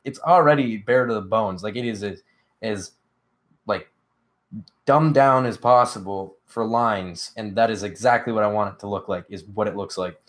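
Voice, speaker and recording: A sleepy young man hosts a casual livestream, yawning and rambling with lots of fillers while reading chat aloud and answering it. His voice is fairly low and steady, at a moderate pace.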